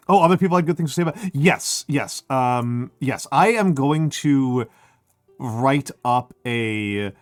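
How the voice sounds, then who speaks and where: A man's voice: medium pitch, no echo. A middle-aged man chats with his stream while his throat sounds a bit scratchy. He rambles, pokes fun at himself and reads out viewer names. The sound is dry and close, with faint music underneath. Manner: rambling, self-deprecating, reads chat aloud. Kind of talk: casual chat with stream chat.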